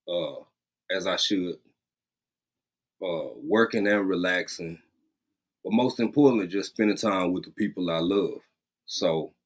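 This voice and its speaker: A man hosting a casual livestream from a rural home, greeting viewers by name and talking in a lively, drawling way, repeating phrases. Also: fairly low pitch. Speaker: livestream host.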